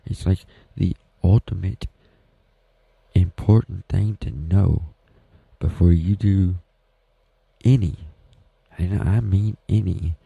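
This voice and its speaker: A man's voice: sits low, takes it slowly, gravelly, long pauses, breathy edge, no echo, phone-quality sound. A man with a Southern US accent hosting a podcast, talking in a rambling, folksy, self-deprecating way. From Southern United States. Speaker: podcast host. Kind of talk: casual solo podcast talk. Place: home.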